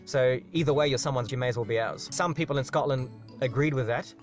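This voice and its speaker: A man's voice: medium pitch, fast, faint music behind. A man hosting a live question-and-answer stream, rambling through an explanation and tagging "right?" onto his sentences. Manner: rambling, repeats "right?" as a tag, restarts words. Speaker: live Q&A host. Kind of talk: casual explanatory monologue.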